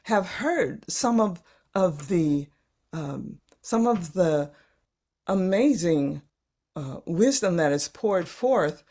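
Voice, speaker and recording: A woman with a slightly low voice guides participants through a live online workshop. She talks gently and unhurriedly, often restarting and repeating words as she searches for them. Now and then she drops to a soft whisper for emphasis, heard over a video call. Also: animated, takes it slowly. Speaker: workshop facilitator.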